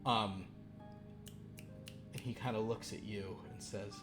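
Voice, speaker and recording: A man's voice: lowish voice, fairly even intonation, slow, over loud music. Man running a tabletop horror game. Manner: loose, filler-heavy narration. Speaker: game master.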